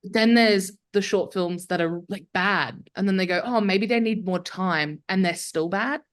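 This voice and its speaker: A woman's voice: mid-range voice, a little slow. A young adult woman, a guest filmmaker chatting casually and candidly on a podcast, full of "like" fillers. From Australia.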